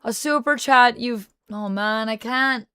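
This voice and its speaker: A playful woman streamer chats with viewers in a put-on Jamaican accent that keeps drifting toward Irish. Her voice is smooth and clean, recorded close and dry with no room sound. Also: on the high side, unhurried, bright, forceful tone, no room sound. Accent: put-on Jamaican accent slipping into Irish. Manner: playful, chatty, reads out viewer messages. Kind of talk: casual livestream chat.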